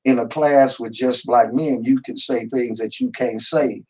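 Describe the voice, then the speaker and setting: Unhurried older man telling stories. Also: mid-range voice, steady tone, a little mellow, low-quality recording. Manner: storytelling, unhurried, repeats words. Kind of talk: casual discussion.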